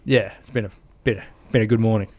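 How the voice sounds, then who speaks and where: In this interview, a man in his thirties with an Australian accent, an army veteran, recounts war stories at a quick pace in a lowish voice. He tells them with animation, laughing throughout and performing the sounds and quotes himself.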